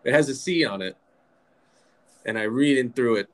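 A man's voice: mid-range voice, moderate pace, poor audio. A man telling a story as a guest on a casual talk show, rambling animatedly with many restarts.

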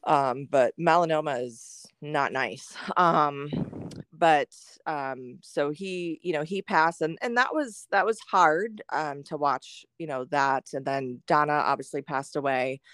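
A woman's voice: sits low, slow pace, fairly bright tone, no room sound, studio quality. A middle-aged woman talking candidly as a podcast guest, full of fillers and acting out her own thoughts. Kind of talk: candid conversational chat.

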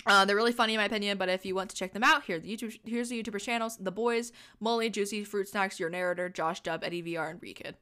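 A woman's voice: medium pitch, fast, hardly any pauses, sharp tone, clear, resonant tone. A young woman hosting a podcast, reading a silly fanfiction aloud with playful, laughing asides. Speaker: podcast host.

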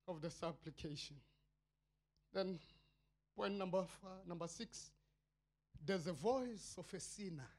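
South African male pastor, slow fiery sermon, cries out then drops to murmurs. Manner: impassioned, swinging between shouted cries and low murmurs.

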